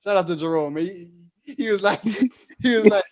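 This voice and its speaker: A man, hosting a podcast and telling stories in casual chat, animated and laughing often as he acts out voices. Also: sits high, normal speed, a crowd in the background. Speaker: podcast host.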